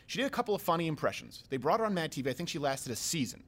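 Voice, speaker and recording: A man hosts a talk show with rapid, bouncing delivery. His pitch sits a little high and swings widely as he jokes and riffs. Loose, casual banter throughout. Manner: animated, quick, joking asides. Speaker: host.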